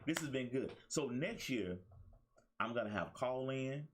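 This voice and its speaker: A man's voice: mid-range voice, lively intonation, a little slow, a little hiss or hum. A man hosting his own motivational talk show, preaching to listeners with repeated phrases. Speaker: life coach and show host.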